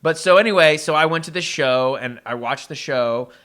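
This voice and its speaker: Male comedian guest, casual animated storyteller, rambling delivery. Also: on the high side, normal speed. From Los Angeles. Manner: rambling, animated, acts out quotes.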